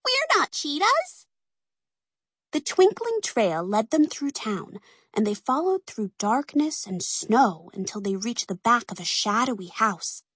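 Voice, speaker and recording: A woman narrating a children's storybook aloud in an expressive, animated way. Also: mid-range voice, a little slow, slightly rough, dry recording, studio quality.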